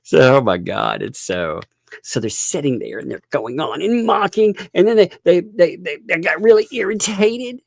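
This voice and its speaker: Gravelly man ranting with laughter. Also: fairly high pitch, expressive, moderate pace. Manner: laughing, mocking, exasperated rants. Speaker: commentary streamer. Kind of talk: live-stream commentary.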